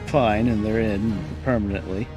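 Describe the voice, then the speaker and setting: Lisping low-voiced man streaming a game, rambling and muttering, music behind. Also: steady tone, normal speed. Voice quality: lisp. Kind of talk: casual live-stream commentary while playing.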